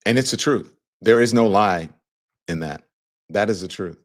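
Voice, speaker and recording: A man in his fifties with a very low, deep voice hosts his show and talks straight to his viewers. He tells a story at an easygoing pace, with loose phrasing and plenty of filler words. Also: moderate pace. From Louisiana, US. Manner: relaxed storytelling, conversational, many fillers. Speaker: show host. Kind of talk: casual monologue to viewers.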